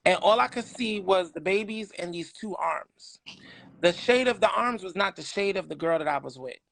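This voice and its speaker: A middle-aged man from New York City, a podcast guest telling candid personal stories in an animated, emphatic way. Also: high voice, moderate pace, vocal fry, no room sound.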